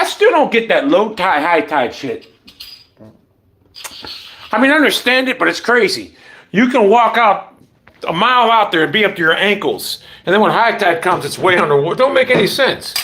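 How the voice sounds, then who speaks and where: A man talks in a loose, rambling way, jumping from one topic to the next with blunt, profane asides. His voice sits a little high for a man and swings widely in pitch as he goes. It sounds like casual stream chatter. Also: sing-song, moderate pace, long pauses, sharp tone, slight background noise.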